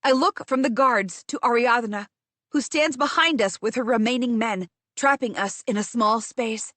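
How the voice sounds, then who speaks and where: A woman reading a first-person fantasy audiobook in a measured, tense way, close to the mic. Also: a little high, fairly bright tone, no echo. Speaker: audiobook narrator.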